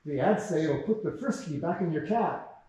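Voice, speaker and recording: A man's voice: on the high side, animated, normal speed, warm tone, natural voice. A man reading the lines of a put-upon older wife in a dry, matter-of-fact way. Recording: very echoey room heard from far off.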